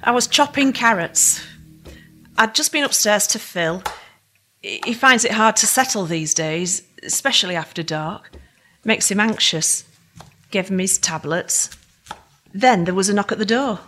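A nervy housewife. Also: female voice, mid-range voice, lively intonation, a little slow, bright, forceful tone, faint music behind. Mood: reflective. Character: Anne, anxious miner's wife caring for husband. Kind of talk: radio drama.

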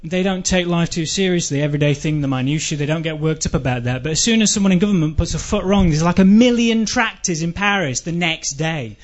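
English guy doing a rambling deadpan comedy bit, highish voice, kinda muffled lo-fi sound. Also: a little fast, hardly any pauses. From England. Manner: dry, rambling, self-deprecating delivery with sudden shouted outbursts. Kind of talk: comic monologue. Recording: dull lo-fi recording.

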